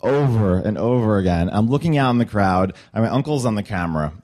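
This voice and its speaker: Young guy telling a story to a room, lowish voice that swings all over, really animated. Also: a little fast. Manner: animated, puts on high squeaky voices for quotes. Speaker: storyteller at a workshop. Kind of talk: personal story told to a room.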